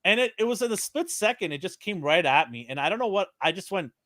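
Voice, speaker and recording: A man co-hosting a podcast, telling a story in casual chat, animated and laughing, acting out the quotes. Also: sits high, fast, no echo, studio quality. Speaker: podcast co-host.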